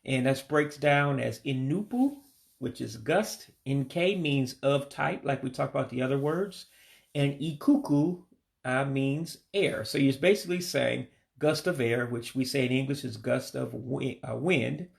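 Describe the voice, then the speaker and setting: Guy with a really gravelly voice going over vocab words, slow repeats, laid back and patient. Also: mid-range voice. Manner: patient, repeats words slowly, admits stumbles. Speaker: language learner teaching vocabulary. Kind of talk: casual vocabulary lesson.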